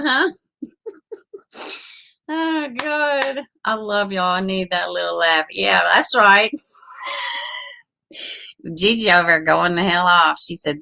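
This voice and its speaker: A woman's voice: medium pitch, takes it slowly, gravelly, long pauses, sharp tone. A woman, hosting a casual livestream, chatting with viewers, laughing often and swearing freely. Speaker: livestream host reading viewer comments.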